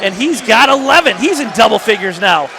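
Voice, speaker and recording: A man doing play-by-play for a high school basketball game in a school gym, rattling off the action quickly and breaking into excited shouts with folksy asides. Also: vocal fry. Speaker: play-by-play announcer. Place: school gymnasium. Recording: cheering gym crowd and noise behind.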